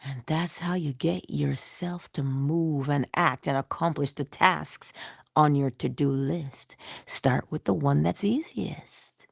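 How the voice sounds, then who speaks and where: A woman giving a casual motivational talk, expressive, dropping into whispers and laughing often. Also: low-pitched, slow, gravelly, dry recording, clean studio sound. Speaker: motivational vlogger.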